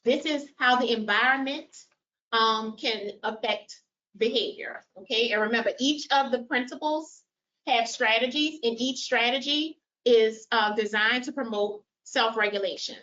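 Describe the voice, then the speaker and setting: A woman's voice: a little high, a little slow. A woman presenting a caregiver training workshop, explaining concepts and asking the audience questions. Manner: animated, quizzes audience with show of hands. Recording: dull lo-fi sound.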